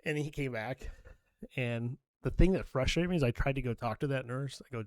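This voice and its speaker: Middle-aged man, profane animated storyteller. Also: medium pitch, a little fast, no echo, studio quality. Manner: animated storyteller, swears freely, acts out quoted dialogue. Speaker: nurse and podcast co-host. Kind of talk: casual podcast storytelling.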